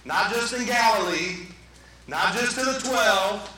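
A man's voice: high-pitched, slow, pushed and bright. A man preaching a sermon to his church, folksy and joking with the congregation. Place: church sanctuary. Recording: echoey church from a distance, faint noise.

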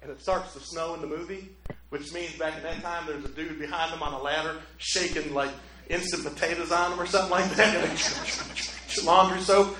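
A male preacher giving a sermon, telling a story dramatically and swinging from hushed to loud. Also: on the high side, fairly even intonation, moderate pace, heavy reverb, slight background noise, rough recording.

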